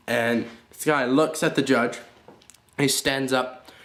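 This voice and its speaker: A man's voice: mid-range voice, steady tone, a little slow, fairly bright tone, roomy sound. A man casually telling funny family stories and jokes, rambling with lots of fillers and laughs. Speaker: storyteller.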